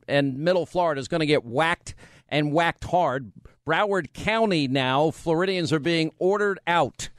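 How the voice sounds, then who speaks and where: A man hosting a radio talk show, brash and combative, talking fast in a studio. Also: fairly high pitch, fairly bright tone, smooth, no echo. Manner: brash, combative, rapid-fire. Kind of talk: talk radio monologue and live reads. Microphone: studio microphone.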